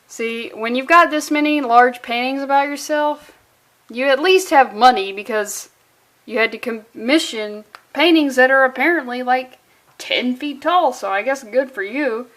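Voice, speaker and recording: A woman's voice: high-pitched, measured pace, fairly bright tone. A woman reviewing a comic book in a sarcastic, exasperated way, swearing freely and using valley-girl phrasing.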